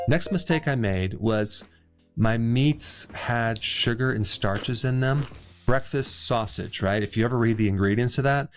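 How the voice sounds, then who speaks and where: A middle-aged man hosting a health explainer, speaking to the camera in a conversational, emphatic way with quick "right?" asides and touches of sarcasm. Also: medium pitch. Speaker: health educator host. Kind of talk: direct-to-camera explainer monologue.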